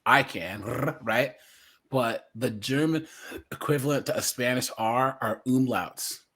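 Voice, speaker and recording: A man hosting a casual livestream commentary, chatty and laughing often, jumping into high mimicking voices. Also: unhurried, a bit bright.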